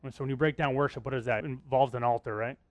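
A man's voice: mid-range voice, steady tone, racing, no echo. A man preaching a sermon as pastor, talking conversationally and often asking the congregation questions.

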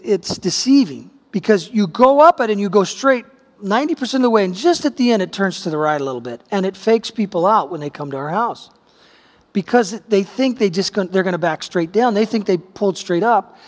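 A man's voice: high voice, animated, normal speed, long reverb tail. A middle-aged man preaching a sermon, telling a personal story in a conversational way that builds to emphatic peaks. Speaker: pastor.

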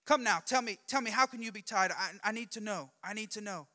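Man doing a high, bright, nagging young woman, insistent and raised, long hall reverb. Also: a little fast.

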